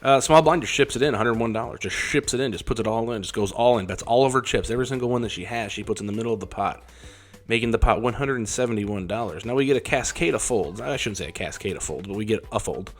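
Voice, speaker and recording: A man's voice: on the low side, quick pace. A man casually talking through his poker hands as a vlogger, in a rambling, wry and self-deprecating way. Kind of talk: casual poker hand commentary.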